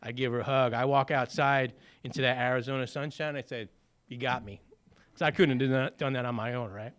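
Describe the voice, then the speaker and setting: A man's voice: medium pitch, steady tone, brisk, a bit bright. Man telling a personal story. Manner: conversational, many fillers, acts out quoted dialogue. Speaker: speaker sharing a recovery story.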